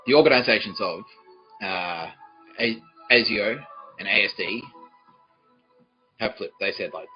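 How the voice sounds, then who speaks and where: A man's voice: fairly low pitch, a little slow, long pauses, highs cut off, faint music behind. A man hosting a comedy podcast, rambling through a comic monologue, often laughing at his own stories and swearing freely.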